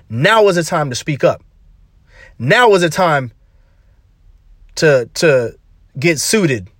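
Male podcast host, punchy slang-heavy motivational delivery, slightly high pitch. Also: fairly bright tone, breathy edge, no echo, clean studio sound. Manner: emphatic, slangy, repeats phrases for punch.

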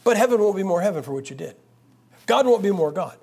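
A man's voice: high-pitched, lively intonation, quick pace, a little mellow, slightly rough. A man preaching a sermon in a church, conversational and emphatic, with joking asides. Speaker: guest preacher.

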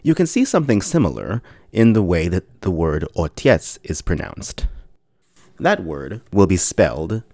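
A man with a deep, low voice gives a scripted podcast lesson, rising and falling expressively as he explains. He spells things out slowly and carefully. The recording is close and dry, with no room sound. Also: big pitch swings, warm tone, no room sound. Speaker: podcast teacher.

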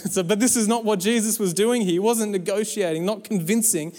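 A man with a high voice preaches a sermon, urging his church on with lively exhortation and playful asides. His voice carries a long reverb that hangs in a large hall. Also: a little fast. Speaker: pastor.

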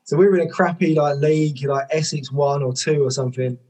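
A former rugby player and coach tells stories during a podcast conversation, speaking fairly quickly in a voice on the high side. He's lively, leans on "like" as a filler, and swears casually.

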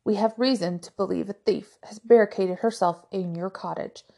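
A woman's voice: medium pitch, normal speed, creaky, mellow. A woman reading the lines of a big, blunt man insisting he is tracking a thief, in an audiobook. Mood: insistent.

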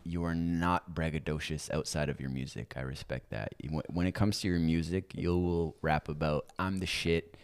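Podcast host, very low male voice, laid-back swearing chatter. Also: normal speed, hardly any pauses, smooth. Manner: casual and relaxed, heavy swearing, fillers. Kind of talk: casual chat.

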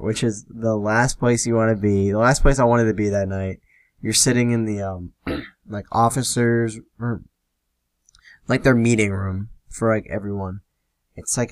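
A man's voice: on the low side, no room sound. A young man hosting a podcast, telling a long story in a rambling, casual way, full of "like" fillers and swearing. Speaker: podcast host.

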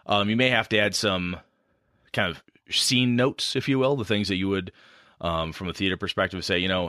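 A man's voice: low-pitched, steady tone, moderate pace, pushed and bright, dry recording, clean studio sound. A man talking casually on a podcast about running tabletop games, rambling and self-deprecating.

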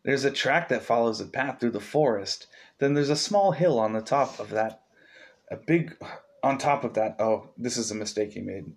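Rich: A man hosting a casual podcast, reading a story aloud while cracking jokes and swearing. His voice sits at a middling pitch, and he keeps stopping to add quick asides. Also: vocal fry. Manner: joking, swears often, reads with asides. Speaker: podcast host.

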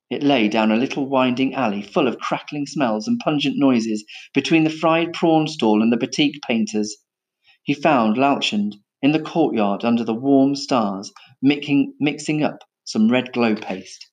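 A man narrating a children's story in an expressive reading. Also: mid-range voice.

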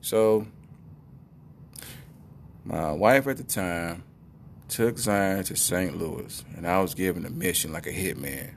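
A middle-aged man tells a funny personal story in a loose, rambling way, full of asides and quick check-ins with his listener. His voice sits fairly low, with a faint rumble underneath. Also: vocal fry.

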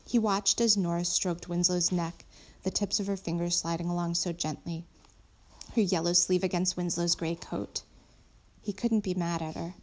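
A woman reading a children's novel aloud at a steady pace, with small slips and corrections. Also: on the low side, normal speed. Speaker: audiobook reader.

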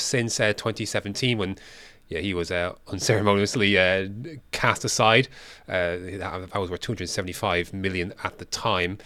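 A man's voice: fairly low pitch, a bit bright, clean tone. Rambling man co-hosting a podcast. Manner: rambling, many fillers and restarts. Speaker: podcast co-host. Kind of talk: casual chat.

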